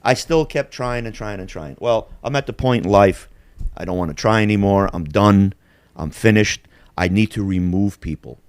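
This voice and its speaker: A man's voice: fairly low pitch, moderate pace, a little mellow, clear, resonant tone, dry recording. A man in his forties hosting a podcast, telling stories in a blunt, profane, rambling way. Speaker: podcast host. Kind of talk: casual storytelling chat.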